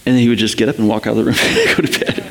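Speaking low and racing along, a pastor preaches a sermon full of animated storytelling. He mimics the voices of everyone he quotes.

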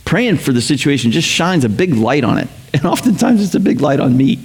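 Male pastor, high voice, joking, animated, casual sermon. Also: brisk, hardly any pauses. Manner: joking, animated, chuckles between points.

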